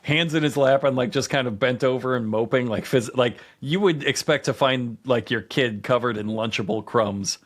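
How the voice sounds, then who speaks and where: A man co-hosting a comedy podcast, telling stories with laughter and animated quoted lines. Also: medium pitch, moderate pace, hardly any pauses. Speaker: podcast co-host. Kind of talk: comedic casual chat.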